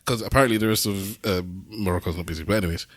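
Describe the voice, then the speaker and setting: Lively man telling a story on a podcast. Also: racing, no echo, studio quality. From Britain. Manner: animated storytelling, jumping into high voices for quoted people. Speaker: podcast host. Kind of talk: casual chat.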